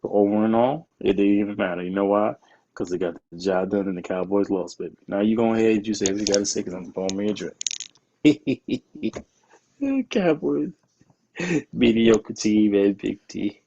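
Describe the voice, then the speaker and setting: A man's voice: lowish voice, fairly even intonation, fast talker, mellow, lo-fi sound. A man co-hosting a casual sports podcast, teasing and trash-talking with frequent laughs. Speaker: podcast co-host.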